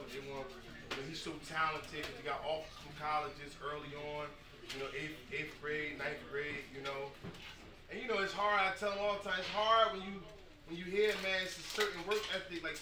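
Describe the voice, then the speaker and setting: A man tells stories to a crowd in an emphatic, repetitive style. His voice sits high for a man. He is recorded from across an echoing hall with a lot of background noise. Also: fairly even intonation, brisk. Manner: emphatic, storytelling, repeats phrases, builds to shouting. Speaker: speaker at a youth football ceremony. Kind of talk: impassioned speech to an audience. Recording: echoey room, speaker far from mic, noisy.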